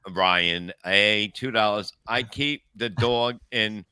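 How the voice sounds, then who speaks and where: A man's voice: on the low side, takes it slowly, sharp tone, smooth, no room sound. A man hosting a casual comedy podcast, crudely wisecracking as he reads out viewer donations and amounts.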